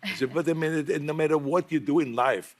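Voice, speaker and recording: A man's voice: on the high side, a little fast. German-accented man telling studio anecdotes. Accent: German-accented English. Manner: chatty, laughs while telling anecdotes, repeats words. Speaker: talk show guest. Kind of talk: casual talk show storytelling.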